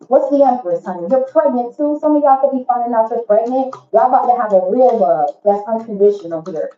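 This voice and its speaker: A woman's voice: on the high side, warm tone, echoey room, lo-fi sound. Brash emphatic woman reading tarot. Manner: emphatic, blunt and profane, preachy. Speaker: tarot reader. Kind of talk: casual tarot reading to viewers.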